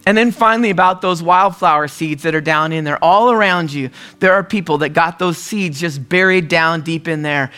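A male pastor with a high, bright, ringing voice delivers a conversational sermon. He tells stories and stops now and then to clear his throat, with soft music playing underneath. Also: moderate pace, hardly any pauses. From US Northwest. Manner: storytelling, conversational preaching with frequent throat-clearing.

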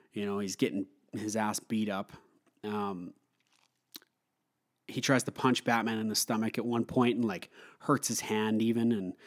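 A young man casually talking through a film review, chatty with frequent fillers and laughter. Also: on the low side. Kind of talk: casual movie review monologue.

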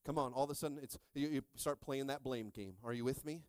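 A middle-aged man pastor preaching a sermon with call-and-response, joking with the congregation and rising into shouted stretches. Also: on the high side, fairly quick, few pauses, no echo.

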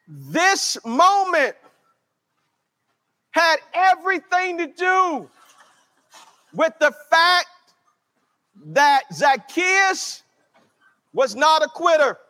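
A man's voice: very high voice, big pitch swings, pushed and bright, in a large hall. A man preaching a sermon as pastor, drawing out his words and calling the congregation to answer back. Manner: slow, drawn-out preaching with call-and-response.

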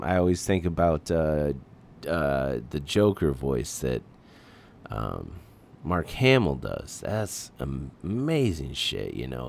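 A man's voice: rumbling low, gravelly, darkish tone. A man hosting his podcast in casual chat, rambling about being a parent and swearing lightly. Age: adult parent. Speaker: podcast host.

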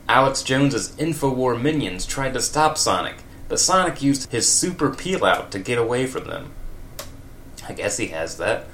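A man's voice: mid-range voice, sing-song, normal speed, fairly bright tone, a little hiss or hum. A man reading comedic fan fiction aloud, with wry, laughing asides. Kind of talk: comedic read-aloud with commentary.

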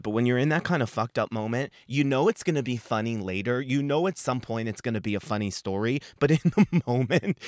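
A man's voice: medium pitch, no echo. A man spins a comic story as a podcast host, swearing freely and leaning into the drama. His voice sits in a middling range, recorded close and dry with no room sound. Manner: profane, emphatic and dramatic. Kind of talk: comedic storytelling.

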